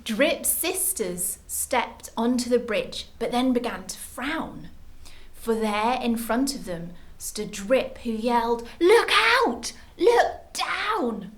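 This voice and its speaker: Slightly high, unhurried woman reads a kids' book aloud, expressive. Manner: lively, expressive storytelling. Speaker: library story time reader. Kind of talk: reading a picture book aloud to children.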